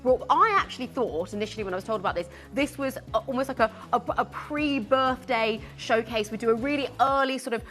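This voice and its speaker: A woman co-presenting on a live shopping channel, excitable and gushing about the products. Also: fairly high pitch, fast talker, hardly any pauses, soft background music. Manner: excitable, gushing, laughs often. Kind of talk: live TV sales chat.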